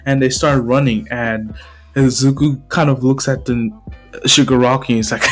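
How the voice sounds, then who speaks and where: A man excitedly rambles through a fan story, often restarting his sentences. His voice sits at an ordinary middle pitch. Faint music plays beneath him. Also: normal speed. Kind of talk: casual storytelling of a fan scenario.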